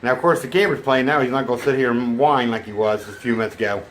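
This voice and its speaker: A man's voice: mid-range voice, quick pace, a little hiss or hum. A man vlogging casually from home, rambling chattily and cooing at his dogs. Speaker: vlogger and homesteader. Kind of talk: casual chat to camera. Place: home indoors.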